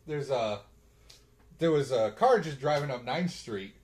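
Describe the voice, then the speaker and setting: A man's voice: mid-range voice, animated, a little slow, a little mellow. A young man co-hosting a casual movie review chat, blunt and joking. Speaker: podcast co-host.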